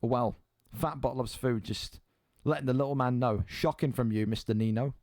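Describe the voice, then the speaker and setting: A man's voice: medium pitch, moderate pace, a little mellow, no room sound. A man hosting and commentating an online fight league live stream, blunt and exasperated, swearing freely.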